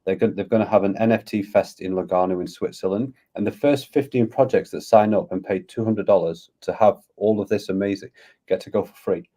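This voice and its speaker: A man's voice: lowish voice, brisk, mellow. A man, a guest on a podcast, talking eagerly and at length in a casual conversation. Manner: eager, rambling, talks at length. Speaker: guest, crypto community founder.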